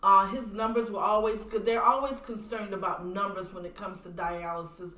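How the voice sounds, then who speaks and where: A widow appearing as a podcast guest shares a personal story and speaks about her faith, earnest and animated, even acting out voices in quoted dialogue. Her voice is mid-pitched for a woman and moderately paced, picked up by a distant mic with a roomy echo.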